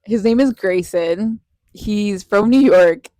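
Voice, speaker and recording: A woman co-hosting a casual fan podcast, animated and giggly, laughing often as she chats. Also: medium pitch, slow, no room sound, studio quality. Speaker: podcast co-host.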